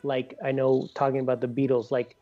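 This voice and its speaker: A man's voice: mid-range voice, level tone, a little fast, warm tone, dull audio. A man co-hosting a casual music podcast, thinking aloud and checking that others follow him. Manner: thinks aloud, asks for agreement. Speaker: podcast co-host. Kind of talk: casual chat.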